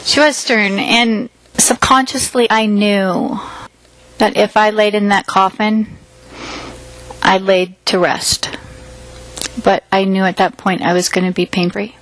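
A woman's voice: medium pitch, steady tone, slow pace, fairly bright tone, poor audio. Woman telling a personal story earnestly. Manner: earnest, vivid retelling with quoted dialogue.

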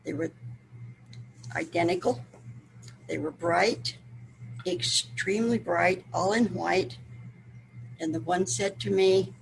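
Gravelly-voiced woman from Wyoming telling a story. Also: on the low side, takes it slowly, pauses often, a little hiss or hum. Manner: homespun, acts out quoted dialogue. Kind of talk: personal storytelling.

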